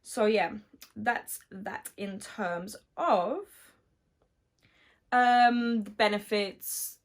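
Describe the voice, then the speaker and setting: Slightly hoarse woman at a medium pitch, a tradesperson talking through details in a chatty vlog. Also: very slow. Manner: chatty, many fillers, explains step by step. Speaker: electrician. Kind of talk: casual explanatory vlog.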